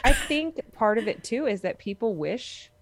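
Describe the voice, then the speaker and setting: A woman's voice: fairly high pitch, sing-song, normal speed, crowd noise. A woman co-hosting a podcast in casual chat, earnest and emphatic, repeating phrases for stress. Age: adult with a young son. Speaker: podcast co-host.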